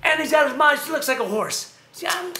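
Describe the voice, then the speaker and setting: Animated male livestream host, bright, ranting, roomy sound. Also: very high voice, fairly quick, a little hiss or hum. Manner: animated, ranting, laughs and shouts at times. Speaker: show host. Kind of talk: casual livestream rant and chat.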